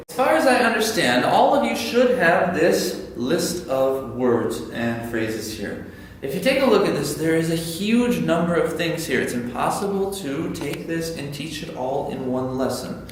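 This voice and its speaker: A man teaching parents in an online lesson, animated and quick, acting out sample phrases as he explains. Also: fairly high pitch. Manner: animated, talks fast, demonstrates phrases. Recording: echoey room, far from mic, faint hum.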